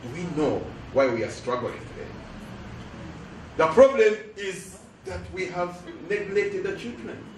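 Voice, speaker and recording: A man's voice: high-pitched, sing-song, measured pace, a little mellow. A middle-aged man with a Ugandan English accent gives an emphatic address and has the audience finish his lines. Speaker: guest speaker, lecturer. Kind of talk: preaching address with call-and-response. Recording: echoey hall, voice from far off.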